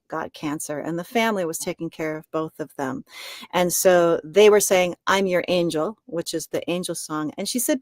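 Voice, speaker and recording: A woman's voice: medium pitch, no echo, clean studio sound. A woman being interviewed as a singer-songwriter, who talks with enthusiasm and laughs often. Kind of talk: casual interview chat.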